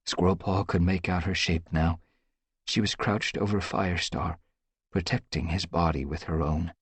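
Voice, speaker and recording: Deep husky male audiobook narrator. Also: moderate pace, no room sound. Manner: expressive, tense storytelling. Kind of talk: dramatic scripted narration.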